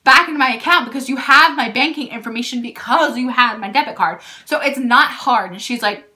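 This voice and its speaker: A young woman telling a storytime vlog, indignant and animated, peppering her speech with "like". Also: high voice, fairly quick. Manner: animated and indignant, heavy use of "like". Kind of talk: storytime vlog, casual retelling.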